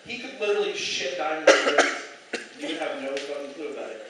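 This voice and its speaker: A young man performing an animated, profane stand-up set in a small club, acting out quoted dialogue. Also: fairly high pitch, fast. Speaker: stand-up comedian. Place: small comedy club stage. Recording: echoey, distant, noisy club recording.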